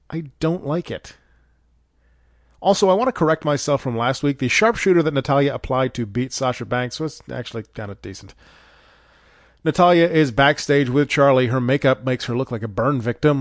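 A man's voice: a little high, no room sound. A man hosting a podcast, reading a scripted wrestling recap with dry, sarcastic, profane asides. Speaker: podcast host reviewing wrestling shows.

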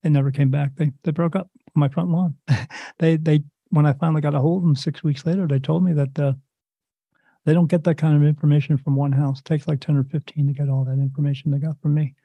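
A man telling a wild story in a slightly high, dry, dull voice. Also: fast talker, vocal fry, slightly rough, dry recording. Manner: animated, rambling retelling with quoted dialogue and sound effects. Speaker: guest. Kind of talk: casual storytelling.

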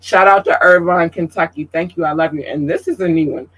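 On his livestream, a Georgia man with a drawling, fairly high voice chats loosely and a little fast, plainly and openly emotional with plenty of swearing. His delivery is animated and outspoken, and the recording is rough.

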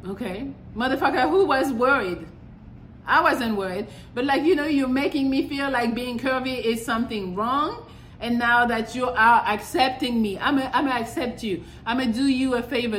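A woman's voice: fairly high pitch, moderate pace, fairly bright tone, slight background noise. Blunt, profane woman podcaster, echoey room. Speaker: podcast host. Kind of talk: casual monologue. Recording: echoey room with faint ambience.

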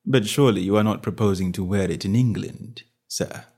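A man voicing a reserved, disapproving male valet who speaks formally and quietly, ending lines with a clipped "sir". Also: fairly low pitch, brisk, gravelly, slightly rough, voice pushed down.

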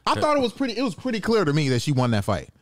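A man's voice: sits high, wildly swooping pitch, racing, no echo, studio quality. A man co-hosting a casual fight-sports podcast, laid-back and jokey, keeping the talk on track. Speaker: podcast co-host. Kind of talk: casual MMA podcast chat.

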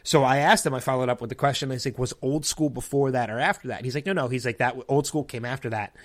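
A fast-talking man with a medium-pitched voice hosts a podcast and casually spins a long anecdote, acting out the lines of other people in it.

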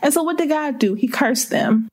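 A woman's voice: sits high, lively intonation, moderate pace. Impassioned woman preaching a sermon. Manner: impassioned, rhetorical repetition.

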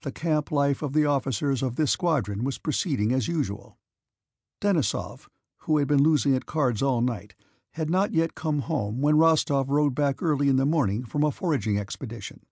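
A man giving a steady, measured audiobook narration of a classic novel. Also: mid-range voice, no room sound, clean studio sound. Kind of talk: scripted narration.

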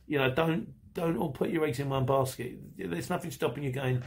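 A man's voice: mid-range voice, normal speed, creaky. Chatty middle-aged man rambling on. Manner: rambling, chatty, laughs often. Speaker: podcast host. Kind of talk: casual chat reading listener messages.

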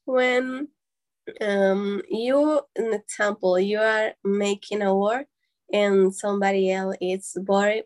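A woman with a Mexican Spanish accent, a native Spanish speaker, explaining sayings in halting English and laughing often. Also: medium pitch, fairly even intonation. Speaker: guest. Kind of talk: casual chat.

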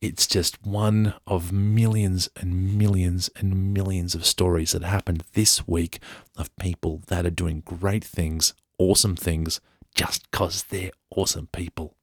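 A man's voice: deep voice, level tone, measured pace, dry recording, studio quality. An English man hosting a podcast, reading a news story aloud with chatty, joking asides. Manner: chatty, playful, jokey. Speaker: podcast host.

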